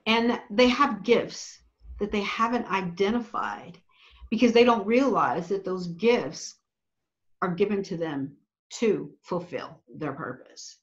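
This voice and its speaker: A woman's voice: medium pitch, a bit bright. A woman guest on a podcast giving earnest, preacherly advice, stressing her points by repeating phrases. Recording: slightly dull lo-fi audio.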